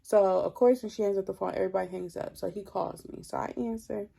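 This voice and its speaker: A young woman talks through a personal story in a loose, casual way, peppering her sentences with 'like'. Her voice carries a gravelly fry and sits at an ordinary middle pitch. She sounds worn out and drained. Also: steady tone, quick pace, mellow. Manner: chatty, leans heavily on 'like'. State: drained, low energy. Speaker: vlogger.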